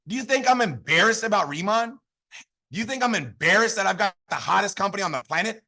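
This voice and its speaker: Fired-up man with a high, bright voice. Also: lively intonation, quick pace. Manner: fired-up, repetitive, call-and-response. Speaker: network marketing leader. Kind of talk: motivational training talk.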